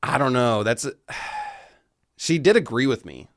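A man's voice: mid-range voice, big pitch swings, takes it slowly, fairly bright tone, dry recording, studio quality. A man hosting a casual chat, talkative and laughing, with stammering restarts. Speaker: show host.

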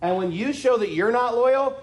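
A man delivers a sermon in a notably high voice. He preaches emphatically, stacking repeated phrases and leaning on rhetorical questions. Sarcastic asides sharpen his points. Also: normal speed. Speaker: pastor.

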